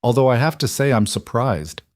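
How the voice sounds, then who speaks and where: A man's voice: medium pitch, lively intonation, normal speed, no echo, studio quality, lightly acted. A man voicing a scheming mafia wife who talks with syrupy, conspiratorial false sweetness. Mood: falsely sweet.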